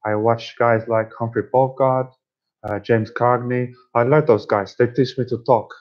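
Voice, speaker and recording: This is a cocky film gangster impression by a man, drawling and sure of himself. The voice sits at a middling pitch. The recording is muffled and lo-fi. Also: a little fast, close to an everyday voice. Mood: swaggering. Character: gruff tough-talking male gangster from a film. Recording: dull lo-fi recording.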